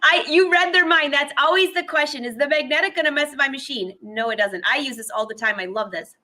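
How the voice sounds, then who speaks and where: A woman with a very high, bright voice hosts a relaxed sewing chat. She asks curious follow-up questions about each tool. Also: a little fast. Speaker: sewing vlog host. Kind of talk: casual chat.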